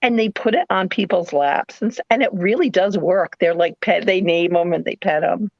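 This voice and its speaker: A middle-aged woman with a New England accent, hosting a live sale and chatting in a rambling, animated way with playful put-on voices. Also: lowish voice, normal speed, creaky, no room sound, muffled recording. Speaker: live sale host, former nurse. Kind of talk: casual chat.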